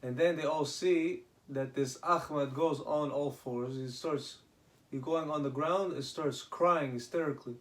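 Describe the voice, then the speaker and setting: A man casually retelling rabbinic stories, halting, with many restarts and Hebrew terms. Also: on the high side, fairly bright tone. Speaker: storyteller.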